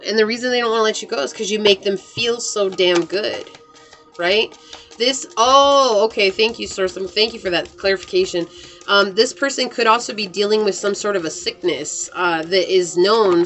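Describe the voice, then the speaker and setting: A woman's voice: mid-range voice, moderate pace, a bit bright, soft background music. A woman reading tarot cards to camera in a casual, earnest way, full of "like" fillers. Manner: chatty and earnest, many "like" fillers. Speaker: tarot reader.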